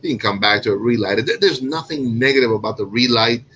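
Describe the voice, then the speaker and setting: A man's voice: medium pitch, quick pace, sharp tone, a little hiss or hum, rough recording. A man from Cuba hosting a casual cigar show, rambling and correcting himself with lots of fillers. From Cuban. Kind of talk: casual chat.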